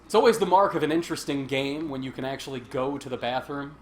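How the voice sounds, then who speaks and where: A man's voice: mid-range voice, fast talker. A man hosting a casual game stream, joking and laughing as he plays and comments. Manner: joking, chatty, laughs often. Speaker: stream host. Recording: faint game noise behind. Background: game sound.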